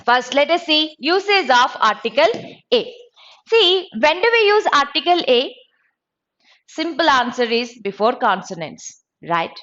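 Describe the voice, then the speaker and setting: Woman teacher, grammar lesson, lively high voice, deliberate delivery, dull lo-fi sound. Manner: slow, deliberate, spells out letters and sounds. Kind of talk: exam-prep grammar lesson.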